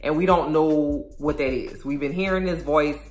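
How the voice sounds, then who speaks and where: Low-voiced woman, slangy show recap. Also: moderate pace. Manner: animated and slangy, acts out the lines. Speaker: video host recapping a show episode. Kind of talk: casual recap chat. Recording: echoey room, faint music.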